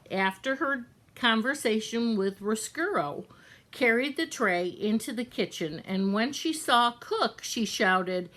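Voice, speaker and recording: Slow, lively woman reading a storybook. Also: mid-range voice. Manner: gentle storyteller, addresses the reader directly. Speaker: children's book reader. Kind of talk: reading a children's novel aloud.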